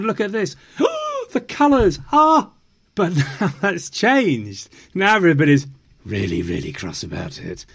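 A man hosting a film podcast, theatrical and playful, slipping into mock indignation and French phrases. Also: a little high. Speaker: podcast host. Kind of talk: casual film review chat.

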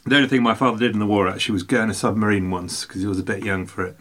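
A man's voice: fairly low pitch, rapid-fire, fairly bright tone. A man co-hosting a podcast, chatting casually and rambling through jokey, self-mocking anecdotes. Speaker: podcast co-host.

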